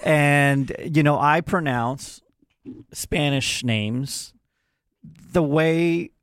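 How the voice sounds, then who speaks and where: A man hosting a sports talk show with a gravelly, creaky voice. He weighs his opinions out loud in a measured way. The sound is dry and close. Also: a little high, no room sound. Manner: opinionated, measured, thinks aloud. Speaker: sports radio host. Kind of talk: casual sports talk chat.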